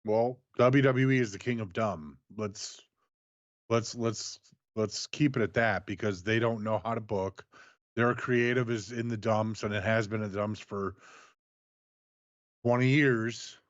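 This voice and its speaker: A man's voice: lowish voice, steady tone, a little slow, no echo, lo-fi sound. A man co-hosting a wrestling podcast, blunt and dry, mostly giving brief agreeing replies. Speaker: podcast co-host. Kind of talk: casual commentary.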